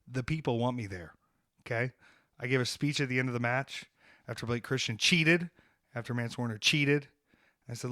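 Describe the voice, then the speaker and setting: A man's voice: medium pitch, brisk, fairly bright tone, no echo. A man with a mid-range voice trash-talks on a podcast in a brash, comic, ranting way. The sound is dry and close on a studio mic. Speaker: podcast host and wrestler. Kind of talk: casual podcast chat.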